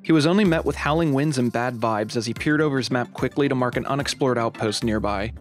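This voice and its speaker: An upbeat man narrates a game adventure like a dramatic tale, his voice sitting at an ordinary middle pitch. Faint music plays softly behind him. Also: fast talker. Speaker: channel host and narrator. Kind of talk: storytelling narration of a game playthrough.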